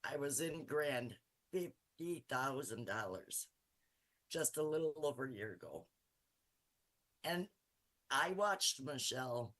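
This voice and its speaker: A woman's voice: very deep voice, lively intonation, slow pace, pauses often, a bit bright. A woman in her sixties giving a tearful, earnest webinar testimonial. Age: 60s. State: teary-eyed. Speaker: coaching client giving a testimonial.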